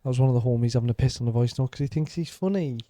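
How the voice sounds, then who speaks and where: A man's voice: mid-range voice, racing, mellow, dry recording. A young man with a Northeast English accent, co-hosting a casual podcast, swearing and laughing a lot. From Northeast England. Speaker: podcast co-host.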